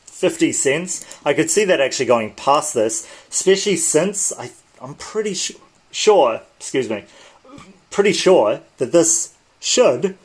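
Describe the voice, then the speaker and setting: A man's voice: on the high side, expressive, unhurried, slightly rough. A tired man hosting a casual livestream, talking viewers through trading charts in a loose, chatty way and often correcting himself mid-sentence. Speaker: crypto trading channel host.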